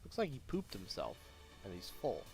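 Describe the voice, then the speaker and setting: A man's voice: lowish voice, huge pitch swings, moderate pace, vocal fry, darkish tone, soft background music. A man chatting casually to his viewers on a live stream, rambling and self-deprecating with a jokey manner.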